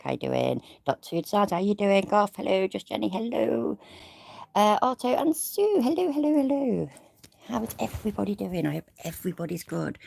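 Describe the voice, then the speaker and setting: A woman's voice: deep voice, creaky, darkish tone, no room sound. A woman hosting a casual livestream from bed, rambling and self-deprecating as she greets her viewers by name. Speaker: livestream host. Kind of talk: casual live chat. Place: in bed, away from home. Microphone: audio only, no camera.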